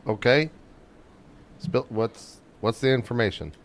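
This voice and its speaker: Relaxed joking male player. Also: mid-range voice, measured pace. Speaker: player and show host. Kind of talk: casual role-play banter.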